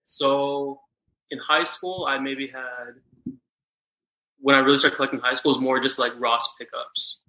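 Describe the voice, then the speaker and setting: A man's voice: mid-range voice, measured pace, low-quality recording. A young man in his twenties from Texas, a podcast guest telling rambling casual stories full of fillers. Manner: relaxed, rambling storytelling with many fillers. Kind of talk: casual chat.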